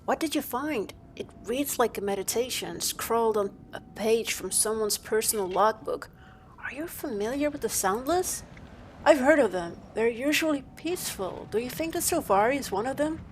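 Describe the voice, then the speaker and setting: A woman voicing a calm, inquisitive game hero. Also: on the high side, moderate pace, slight background noise, natural voice. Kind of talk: video game character dialogue.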